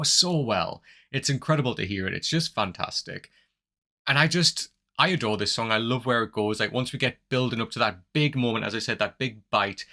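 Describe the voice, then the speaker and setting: A man's voice: medium pitch, sharp tone. Gushing man reviewing a song. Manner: enthusiastic, gushing praise with many fillers; upbeat sign-off plea to viewers. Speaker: music reaction YouTuber. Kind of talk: casual music commentary.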